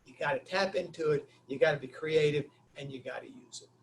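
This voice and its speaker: A man's voice: a little high, fairly quick. A man giving a webinar talk, telling stories animatedly and acting out the dialogue. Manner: lively, acts out quoted dialogue, Southern "y'all". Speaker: webinar speaker.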